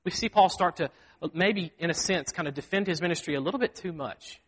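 High-voiced pastor preaching. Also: male voice, brisk, slightly rough. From Mississippi. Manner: earnest, self-deprecating, acts out quoted speech. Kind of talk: sermon. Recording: long hall reverb.

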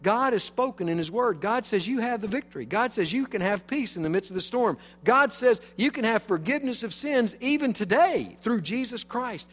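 A male pastor preaching a sermon, emphatic, swinging from loud to hushed. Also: high-pitched, lively intonation, moderate pace, few pauses, in a large hall. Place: church sanctuary.

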